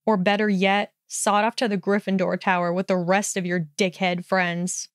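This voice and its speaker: A woman's voice: medium pitch, little pitch movement, normal speed, clear, resonant tone, no room sound, studio quality, close to an everyday voice. A woman voicing a hot-tempered young male wizard in a storybook reading, snarling and sneering. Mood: scornful.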